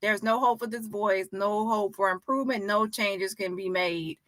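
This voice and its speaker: A woman giving casual reaction commentary, animated and exclaiming with frequent laughter. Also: medium pitch, moderate pace, no room sound.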